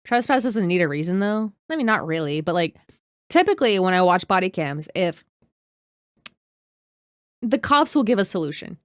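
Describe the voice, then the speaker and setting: A woman's voice: fairly low pitch, expressive, normal speed, long pauses, smooth, no echo. Fired-up young woman streamer, dry sound. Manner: heated, swearing, greets chat by name. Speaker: streamer reacting to a video. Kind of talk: casual live-stream reaction.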